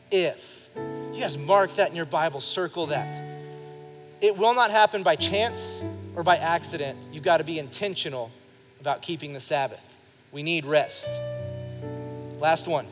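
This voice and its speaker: A man's voice: a little high, normal speed. A man in his thirties, a pastor preaching a sermon to his congregation with emphatic delivery and calls for the crowd to respond. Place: church service before a congregation. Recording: live in a reverberant hall with music behind. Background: music.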